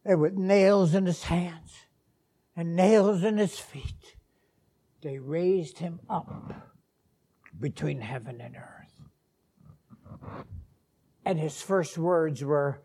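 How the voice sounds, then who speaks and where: Preaching a sermon in a fairly high voice, this man takes slow, deliberate pauses, drops to hushed whispers, and builds to shouted climaxes.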